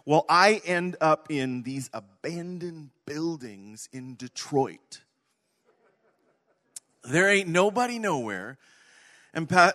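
A man preaching a sermon, telling an animated story, swinging from loud to hushed. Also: fairly high pitch, slow. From Canada. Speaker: pastor.

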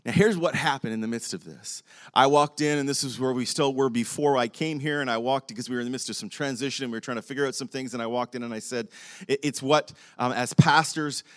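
Older pastor telling a lively story. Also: male voice, medium pitch, fast. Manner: animated storytelling, acting out both sides of a conversation with laughs. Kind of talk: sermon.

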